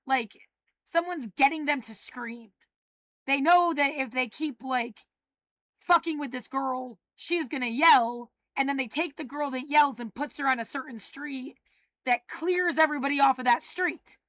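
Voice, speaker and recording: A woman in an agitated, profane rant, often breaking into shouting. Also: sits high, a little slow, no room sound.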